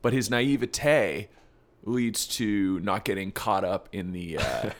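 A man's voice: lowish voice, fairly even intonation, slow pace. A man hosting a comedy podcast, riffing in improvised, mock-serious banter. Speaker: podcast host.

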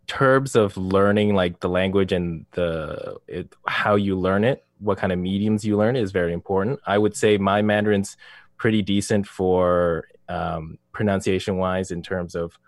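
A man on a podcast, calmly talking through his views in a measured, analytical way. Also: low voice, no echo, clean studio sound. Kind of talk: casual podcast chat.

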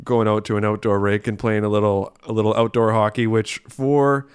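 A man co-hosting a podcast in casual chat, musing in a relaxed way. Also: on the low side, a little fast, smooth, no room sound, studio quality. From Canada. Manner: musing, relaxed, uses "you know". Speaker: podcast co-host.

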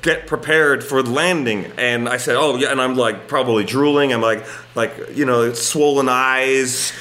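A man with a bright, forceful voice recounts a mishap as a podcast guest. He tells it with lots of fillers and acts out both sides of the exchange, his voice at a middling pitch. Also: steady tone, normal speed. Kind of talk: comic storytelling.

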